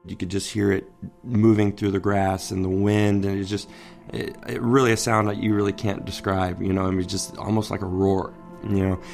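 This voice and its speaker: A man's voice: sits low, level tone, moderate pace, gravelly, a little mellow, faint music behind. A man, describing what he witnessed in a plain-spoken way, searching for words. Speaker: wildfire witness. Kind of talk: recorded oral history interview.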